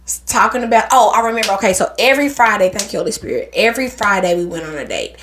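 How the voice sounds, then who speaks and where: A woman's voice: mid-range voice, fast talker, slight background noise. A woman co-hosting a faith podcast, telling a personal story in casual chat. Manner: animated storyteller, acts out voices in her stories. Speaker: podcast co-host.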